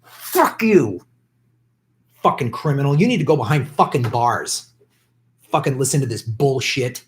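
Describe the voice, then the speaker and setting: A man's voice: medium pitch, animated, a little slow. A man hosting a political livestream, ranting angrily and profanely at politicians in an unscripted commentary. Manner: profane, shouting, bitter ranting.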